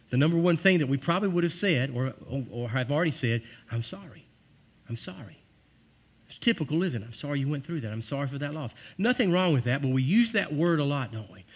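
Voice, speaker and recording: A man preaching a sermon as pastor, earnest and emphatic, dropping soft and low for heartfelt lines.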